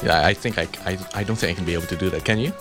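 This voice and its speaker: A man's voice: deep voice, rapid-fire, over music. A young man co-hosting a radio show in casual, chatty banter, laughing easily. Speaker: radio host.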